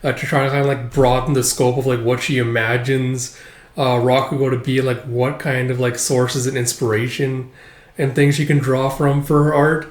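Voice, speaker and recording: A man's voice: medium pitch, little pitch movement, normal speed. A man casually reading through a comic chapter and giving his opinion, with many filler words. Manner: rambling, lots of filler words. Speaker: manga reviewer. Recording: roomy echo.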